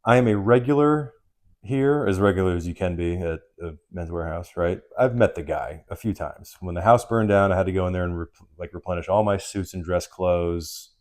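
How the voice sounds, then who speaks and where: A man in his thirties co-hosting a podcast, casual and animated, swearing freely. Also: low voice, normal speed. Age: 30s. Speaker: podcast co-host.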